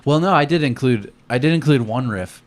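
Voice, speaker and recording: A young man, a comedian co-hosting a podcast, telling profane stories in casual chat and acting out quotes loudly. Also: mid-range voice, lively intonation, a little fast.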